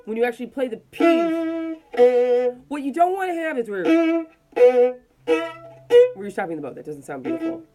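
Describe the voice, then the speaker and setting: A woman teaching a violin lesson, calmly explaining bowing technique step by step while demonstrating. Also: high voice, moderate pace, long pauses, soft background music. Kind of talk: casual instructional explanation.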